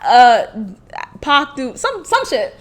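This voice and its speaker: A woman's voice: high-pitched, huge pitch swings, takes it slowly. A young woman hosting a podcast, telling a candid story in a blunt, profane way and laughing often. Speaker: podcast host.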